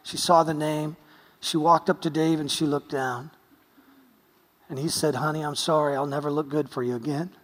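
A man's voice: a little high, fairly even intonation, normal speed. Pastor guy telling stories in a sermon, earnest w a bit of humor, big hall echo. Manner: storytelling, earnest with light humor.

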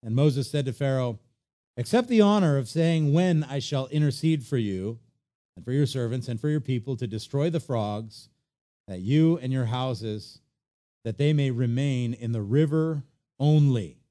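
A man preaching a sermon, animated and conversational, often acting out quoted voices. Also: medium pitch, moderate pace. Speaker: pastor.

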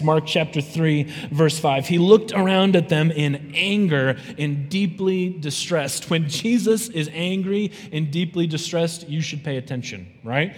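Lively pastor with a ringing hall sound. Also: male voice, a little high, a little slow. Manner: lively, conversational, often asks "right?" to the audience. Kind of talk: sermon. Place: church sanctuary. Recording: long reverb from a large hall.

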